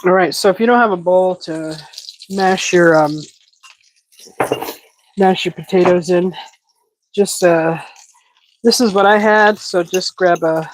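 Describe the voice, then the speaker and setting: A woman hosting a casual cooking livestream, chatting while she cooks, breathing a little heavily and breaking into excited squeals. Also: a little slow, pauses often, no echo, rough recording. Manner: chatty, improvising, bursts into excited high squeals greeting chat.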